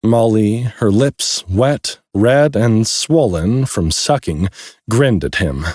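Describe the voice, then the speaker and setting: Husky, deep male audiobook narrator. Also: expressive, slow, a little mellow, no room sound, studio quality. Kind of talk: scripted narration.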